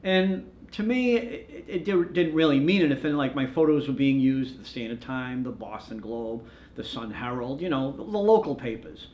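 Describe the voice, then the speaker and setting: A male news photographer rambles through his anecdotes in a documentary interview, acting out what each person said. His voice sits at an ordinary middle pitch for a man. The room around him rings with a noticeable echo. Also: lively intonation, normal speed, darkish tone, dull audio. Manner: rambling storyteller who acts out quoted dialogue. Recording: roomy echo.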